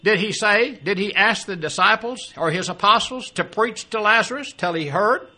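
A man's voice: high-pitched, normal speed, sharp tone. An older man preaching a sermon, reading scripture aloud and explaining it, often asking the listeners questions. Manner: expository, quotes scripture then explains it, asks the audience questions.

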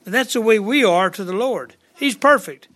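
Male preacher, high and bright-toned, folksy conversational sermon delivery. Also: expressive, normal speed. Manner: plainspoken, conversational, paraphrases scripture in everyday words. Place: church service with congregation.

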